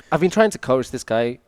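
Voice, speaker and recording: A man's voice: medium pitch, clean tone. A man co-casting an esports stream, telling a story animatedly and laughing at it. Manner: animated, laughs at his own stories. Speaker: co-caster and coach. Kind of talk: casual storytelling.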